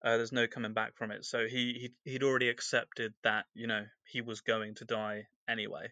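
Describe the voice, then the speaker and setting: A man's voice: mid-range voice, little pitch movement, a little fast, pushed and bright, dry recording, lo-fi sound. A man co-hosting a podcast, recapping a novel's chapters in a loose, rambling way full of fillers. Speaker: podcast co-host. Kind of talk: casual book discussion.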